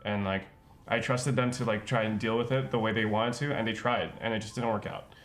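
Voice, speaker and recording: A man's voice: fairly low pitch, steady tone, a little fast, fairly bright tone, soft background music. A young man, a streamer co-host, talking earnestly in casual chat and leaning on filler words. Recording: roomy echo.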